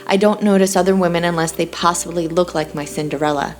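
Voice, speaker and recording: A woman's voice: fairly low pitch, steady tone, fast talker, soft background music, natural voice. A woman voicing a lovesick young man who narrates his chapter in first person, with a wry, defensive manner.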